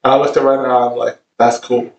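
A man's voice: mid-range voice, flat delivery, rapid-fire, distant mic, slight background noise. A man, a chef, telling amused, laid-back anecdotes in casual chat. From Vietnamese heritage. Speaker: chef, podcast guest. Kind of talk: casual storytelling. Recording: roomy, off-mic.

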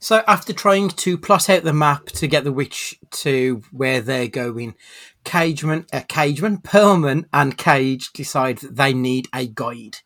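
A man's voice: medium pitch, unhurried, fairly bright tone. A man hosting a podcast, recapping a film in casual chat, sweary and incredulous. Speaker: podcast host.

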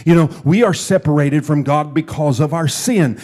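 A man's voice: fairly high pitch, fairly even intonation, normal speed, few pauses. A man preaching a sermon, teaching from scripture, repeating phrases for emphasis. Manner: builds from quiet teaching to loud fervent preaching. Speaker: pastor.

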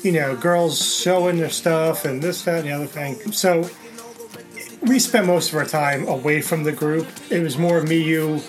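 Mid-pitch co-host just chatting, telling what happened, music playing clearly behind. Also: moderate pace. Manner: conversational, recounting events at length. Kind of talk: casual chat.

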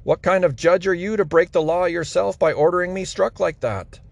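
The apostle Paul gives an earnest defense of himself, read by a man in his plain reading voice. The voice is gravelly and sits a little high. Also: moderate pace, no echo. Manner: earnest first-person testimony.

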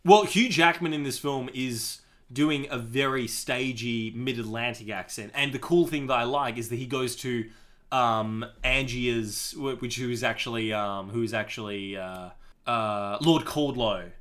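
A man co-hosting a casual film podcast, talking in an animated, enthusiastic way with frequent fillers. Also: medium pitch, measured pace. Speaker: podcast co-host.

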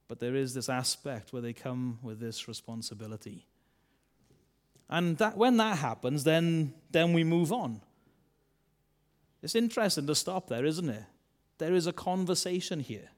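A man's voice: mid-range voice, animated, moderate pace. A man preaching a sermon, asking his congregation rhetorical questions. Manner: conversational, asks rhetorical questions; acts out voices of biblical characters.

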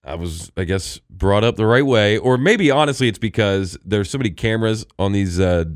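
A man co-hosting a local radio talk show, telling a story in a casual, chatty way and quoting people in lively voices. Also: fairly low pitch, moderate pace, clear, resonant tone, no echo, clean studio sound.

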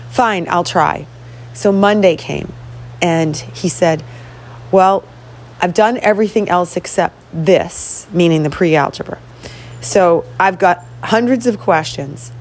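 A middle-aged woman, a host and coach, tells a story in an earnest, motivational monologue, acting out both sides of a conversation. Her voice sits on the low side, with a faint hiss or hum in the background.

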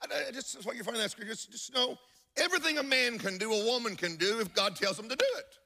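Emphatic preacher with a bright, gravelly voice. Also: male voice, very high voice, quick pace. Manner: emphatic, storytelling with acted-out quotes. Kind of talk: sermon. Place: church service with congregation.

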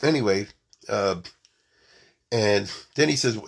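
A man's voice: medium pitch, lively intonation, moderate pace, creaky, fairly bright tone, husky. A man giving an informal storytelling lecture, mixing in Hebrew and Yiddish terms and often checking that his listeners follow.

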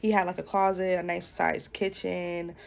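A woman's voice: lowish voice, little pitch movement, moderate pace, creaky. A young woman hosting a casual storytime vlog, talking bluntly and profanely straight to her viewers. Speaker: podcast host. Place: at home doing makeup.

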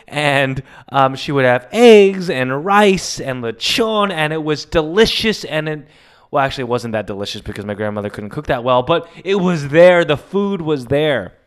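A man's voice: fairly high pitch, expressive, normal speed, clean tone. A man hosting a solo podcast, talking in an emotional, confessional and rambling way. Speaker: podcast host. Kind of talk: casual solo podcast monologue.

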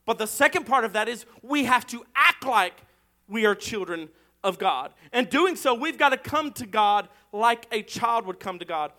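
A male preacher delivers a sermon in a strikingly high voice. His tone is forceful and tense, pushing hard on each phrase. He preaches with passion and climbs into full shouts. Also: animated, moderate pace. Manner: impassioned preaching that swells into shouting. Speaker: pastor.

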